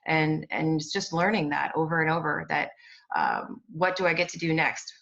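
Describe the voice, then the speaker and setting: A woman's voice: deep voice, big pitch swings, moderate pace, creaky, a bit bright, lo-fi sound. A woman client giving a blunt, direct testimonial over a video call. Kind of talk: candid testimonial.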